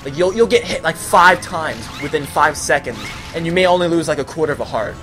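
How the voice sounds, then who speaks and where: A man's voice: a little high, expressive, a little fast, music in the background. A young man from the US East Coast, hosting a let's play with rambling, jokey, easily sidetracked game commentary.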